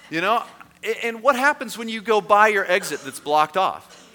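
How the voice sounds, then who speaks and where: A man preaching a sermon as a pastor, in a conversational storytelling manner that turns lively and self-mocking. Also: sits high, normal speed. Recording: echoey hall.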